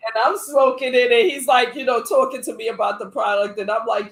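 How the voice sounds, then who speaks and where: Animated, profane woman telling a story. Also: on the high side, a little fast, hardly any pauses. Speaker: podcast host. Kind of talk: casual storytelling chat.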